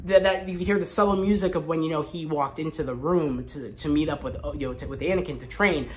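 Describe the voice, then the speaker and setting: A man hosting a casual spoken review vlog, talking in an excited, rambling way with frequent restarts. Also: a little high, fast. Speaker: host.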